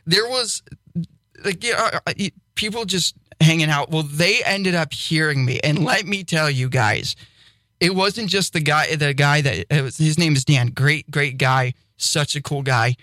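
Young male co-host, higher-pitched, excitable, laughs a lot, dry close sound. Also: measured pace, no echo. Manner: excitable storyteller, laughs often. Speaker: podcast co-host and radio DJ. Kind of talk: casual chat.

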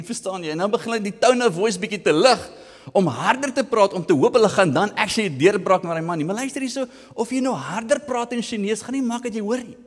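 A man with a South African accent preaching a sermon, animated and switching between English and Afrikaans. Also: high voice, quick pace, big-room sound. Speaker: pastor.

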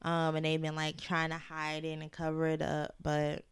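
A young woman co-hosting a casual podcast, animated and self-mocking. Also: deep voice, normal speed, clear, resonant tone, no echo. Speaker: podcast co-host. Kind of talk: casual chat.

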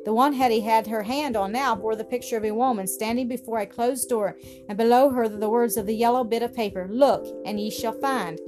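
A woman reading a story aloud in a steady, expressive way. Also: on the high side, brisk. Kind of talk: storybook narration. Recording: music playing behind.

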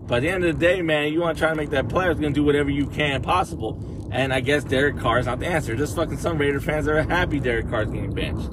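A man's voice: a little high, fast talker. A man hosting a podcast, ranting casually about sports in rambling, profane slang while driving to work. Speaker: podcast host. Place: in a car on the way to work. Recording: loud car road noise.

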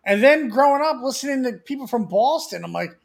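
Man, Philadelphia accent, high gravelly voice, rambling profane chat. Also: animated, fairly quick. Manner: rambling, swears, laughs easily. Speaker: podcast co-host. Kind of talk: casual chat.

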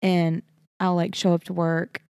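A woman from Texas in casual conversation, talking fast with lots of fillers. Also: on the low side, little pitch movement, darkish tone, clean tone, dry recording, studio quality. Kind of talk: casual chat.

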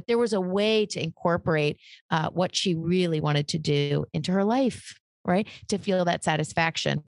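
A woman, a psychic medium, speaking as a guest in a casual interview, animated and acting out the voices in her stories. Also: medium pitch, dry recording, studio quality.

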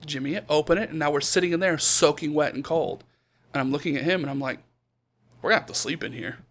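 Young male podcast co-host, lively storyteller doing voices, a bit higher than most men. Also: fast, a little hiss or hum. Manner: animated storyteller acting out quotes. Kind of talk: casual storytelling.

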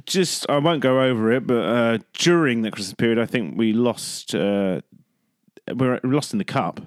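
A man's voice: mid-range voice, normal speed, no echo. A man with an ordinary mid-range voice, chatting casually about football on a podcast. He jokes, rambles and laughs at his own puns. The sound is dry and close, with no room around it. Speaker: podcast co-host.

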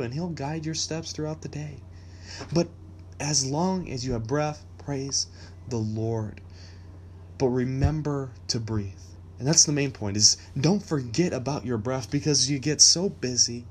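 A man's voice: mid-range voice, measured pace, darkish tone, slight background noise. A man hosting a faith podcast, talking casually in an upbeat, encouraging way and chuckling often. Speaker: podcast host.

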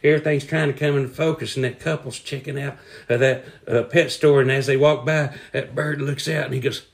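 A man telling jokes in a folksy, drawn-out way. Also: medium pitch, fairly even intonation, gravelly. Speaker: storyteller. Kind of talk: casual joke telling.

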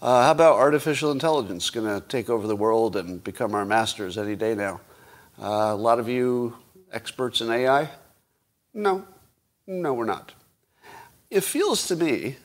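A man hosting a solo commentary show, talking casually and wryly, posing rhetorical questions with chuckling asides. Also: mid-range voice. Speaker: podcast host.

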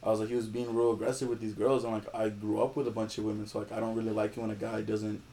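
A young man, a podcast guest, telling a story in casual chat, animated and laughing as he acts out the people in it. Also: fairly low pitch, rapid-fire, slight background noise.

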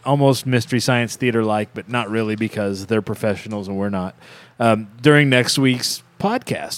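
A man co-hosting a podcast in casual chat, easygoing and quick to laugh. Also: mid-range voice, clear, resonant tone, no room sound. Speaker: podcast co-host.

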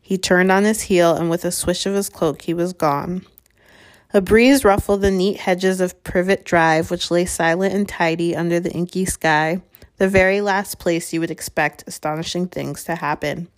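Low-voiced woman reading a story. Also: steady tone, normal speed. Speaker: audiobook reader. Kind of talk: storybook narration.

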